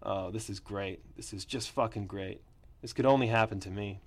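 A man's voice: fairly low pitch, moderate pace, natural voice. A man voicing a crude, self-centered boss while reading a story aloud. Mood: irritated.

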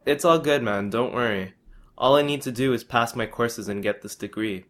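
A man's voice: medium pitch, moderate pace, a bit bright, natural voice. A man reading as a cocky young friend who talks slang. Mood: laid-back. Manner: laid-back, boastful slang. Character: cocky young male basketball-playing friend.

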